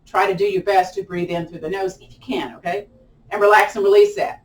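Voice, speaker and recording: A woman's voice: mid-range voice, brisk. Woman, lilt, chair yoga instructor, chatty and encouraging, echoey room, distant mic. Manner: chatty and encouraging, playful whoops during holds. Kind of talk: live online exercise class instruction. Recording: roomy echo, mic at a distance.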